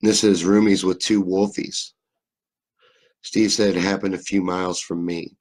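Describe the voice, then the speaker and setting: A man's voice: low voice, flat delivery, measured pace. A young man with a faint Southern US accent, hosting a live stream and chatting loosely through viewer comments, joking and swearing freely as he rambles. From Kentucky, USA. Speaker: livestream host. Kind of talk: casual live-stream chat reading comments.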